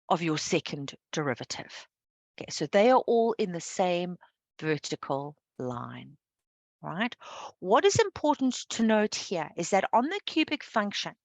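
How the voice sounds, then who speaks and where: A woman's voice: mid-range voice, no echo. Patient female maths teacher, dry sound. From South Africa. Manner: patient, checks understanding with frequent "okay". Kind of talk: live online maths lesson.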